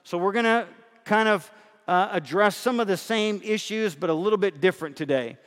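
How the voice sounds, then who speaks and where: A middle-aged male pastor preaches in a loose, conversational way and keeps asking the congregation questions. His voice sits high for a man. It rings out with the long reverb of a church hall. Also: moderate pace, fairly bright tone. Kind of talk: sermon.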